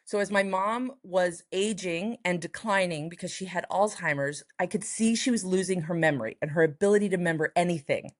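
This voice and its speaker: A woman's voice: a little fast, few pauses. A woman from Texas, a writer and performer, telling a personal story in an interview, acting out the voices of the people she quotes. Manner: lively, acts out quoted voices with big pitch jumps. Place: home in Los Angeles, noise next door.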